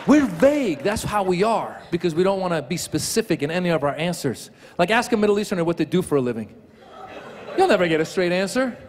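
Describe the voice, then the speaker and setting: A man performing a playful, animated stand-up comedy set on a large theater stage. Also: high voice, fast. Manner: playful, animated, building to punchlines. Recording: live hall with loud crowd laughter.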